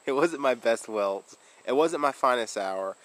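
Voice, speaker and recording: A man's voice: mid-range voice, animated, measured pace, low-quality recording. A man vlogging casually, rambling through a story with fillers, restarts and laughs.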